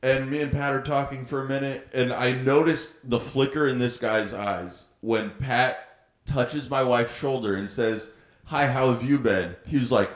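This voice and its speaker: A man's voice: mid-range voice, steady tone, measured pace, reverberant. A young man co-hosting a podcast, animatedly telling a story and laughing often. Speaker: podcast co-host. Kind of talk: casual storytelling chat.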